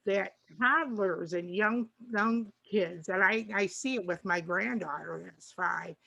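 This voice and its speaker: A woman's voice: medium pitch, slow pace, gravelly, husky. An older woman, a grandmother and co-host, talking in a rambling, casual way and acting out little bits of dialogue. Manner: rambling, warm, restarts often and acts out dialogue. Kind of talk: casual chat.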